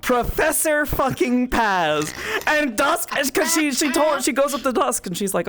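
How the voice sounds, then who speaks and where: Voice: mid-range voice, big pitch swings, normal speed, hardly any pauses, fairly bright tone, soft background music. A speaker in casual chat, rambling through a story with lots of swearing. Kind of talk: casual chat between players.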